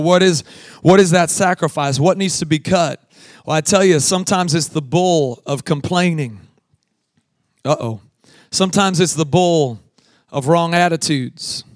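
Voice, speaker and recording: Emphatic preacher, higher male voice. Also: moderate pace, no echo, clean studio sound. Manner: swings from loud emphatic preaching to quiet storytelling; laughs at his own story. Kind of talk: sermon with a told childhood story.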